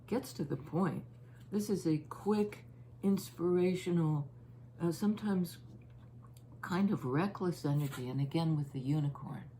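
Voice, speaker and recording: Woman doing a tarot reading, low soft voice, kinda thinking out loud, bit of faint hiss behind. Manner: musing, halting, thinking aloud as she turns cards. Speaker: tarot reader.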